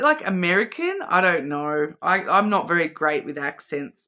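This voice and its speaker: A woman's voice: sits low, lively intonation, normal speed, bright, forceful tone. A woman giving a casual, rambling intuitive card reading, often repeating and restarting her words. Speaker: tarot and oracle card reader.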